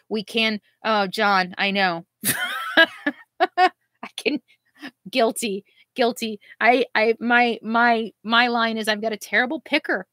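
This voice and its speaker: Bright-voiced woman reading viewer comments. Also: mid-range voice, no room sound. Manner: emotional, halting, laughs through grief. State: near tears at times. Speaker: RV vlogger answering viewer comments. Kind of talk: casual live Q&A chat.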